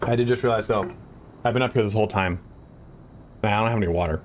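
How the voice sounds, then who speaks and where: A man chatting casually while live-streaming a game, excitable and swearing, his voice jumping up high when he gets worked up. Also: quick pace, slight background noise.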